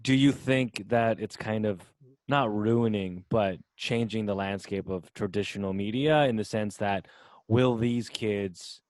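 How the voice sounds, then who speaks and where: A man's voice: on the low side, measured pace, darkish tone, no echo. A man hosting a podcast, talking casually and rambling as he searches for his words, now and then swearing. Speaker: podcast host. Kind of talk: casual conversation.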